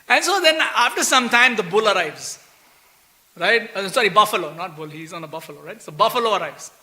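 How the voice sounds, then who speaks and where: A man's high, sharp voice moves briskly with lively intonation as he teaches scripture in a temple hall. It's a sermon built around a story: chatty, full of "you know" and "right?", with him performing the characters.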